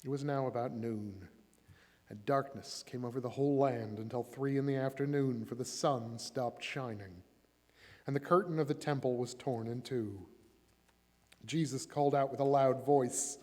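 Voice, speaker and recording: A man giving a dramatic scripture reading in a church, changing his voice and loudness to bring the quoted speakers to life. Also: medium pitch, normal speed, long reverb tail. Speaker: church reader. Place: church sanctuary.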